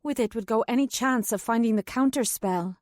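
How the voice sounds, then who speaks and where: A woman's voice: fairly high pitch, brisk, darkish tone, no echo. A woman narrating a first-person fantasy audiobook in a tense, urgent way, close to a studio mic.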